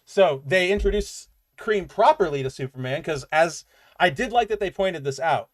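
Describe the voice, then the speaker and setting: Male podcast co-host, chatty and loose, a touch higher-pitched, casual comics rundown. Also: moderate pace. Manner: chatty and animated, loose fillers and asides. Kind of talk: casual comic book review chat.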